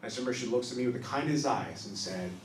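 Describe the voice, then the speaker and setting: A man in his thirties doing a stand-up set on a small club stage, telling confessional stories that swing from soft asides to loud punchlines. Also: medium pitch, very fast, slight background noise. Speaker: stand-up comedian. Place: small improv club stage, live audience. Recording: roomy club sound from a distance.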